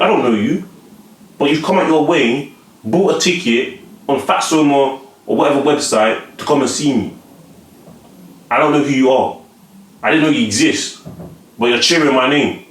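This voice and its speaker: A man's voice: medium pitch, moderate pace, long pauses, fairly bright tone. A man giving casual advice straight to camera, repeating and restarting words and often asking whether the listener follows him. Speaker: vlogger giving life advice. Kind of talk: casual motivational monologue to camera. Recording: echoey room.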